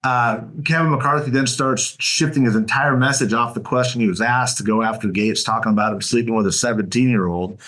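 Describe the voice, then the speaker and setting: A podcast co-host on a political show tells stories with relish in casual conversation, a lively storyteller retelling events. His mid-range voice is brisk, with few pauses.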